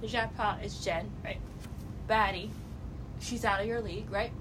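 A woman's voice: steady tone, moderate pace. A young woman chatting casually on a vlog, giving blunt, rambling opinions about a reality show with lots of fillers and restarts. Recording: noticeable background noise with a low rumble.

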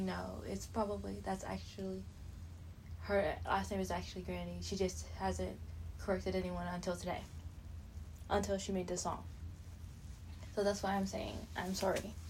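A woman's voice: mid-range voice, gravelly, a little mellow, a little hiss or hum, poor audio. A young French Canadian woman hosting a podcast, rambling and indignant, with many fillers and restarts. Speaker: podcast host. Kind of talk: casual monologue.

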